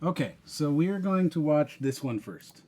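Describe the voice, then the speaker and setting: Animated man steering a podcast chat. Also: fairly high pitch, normal speed. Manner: steers the conversation, laughs easily. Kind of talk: casual chat.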